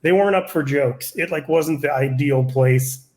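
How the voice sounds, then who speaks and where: A man in his forties with a fairly high voice tells a story as a podcast guest. He is a stand-up comedian who swears freely and keeps the telling animated and loose. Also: normal speed. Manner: profane, animated anecdote-telling.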